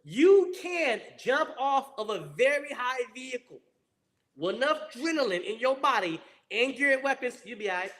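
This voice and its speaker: An American man, a former Marine, telling a war story in a lively, profane way and acting out the people he quotes. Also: extremely high pitch, normal speed. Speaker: guest, former Marine rifleman.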